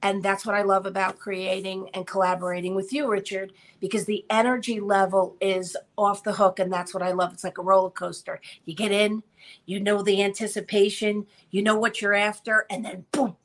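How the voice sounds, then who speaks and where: A woman's voice: medium pitch, steady tone, moderate pace. A woman from New Jersey co-hosting a talk show, bubbly and enthusiastic, chatting casually and laughing easily. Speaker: co-host. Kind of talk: casual chat.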